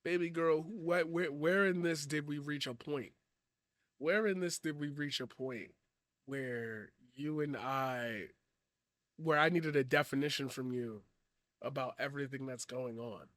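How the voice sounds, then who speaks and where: A man giving a profane, blunt commentary rant, swinging from loud shouting to quiet earnest talk. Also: a little high, unhurried, dry recording, clean studio sound. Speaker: commentary streamer. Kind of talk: ranting commentary.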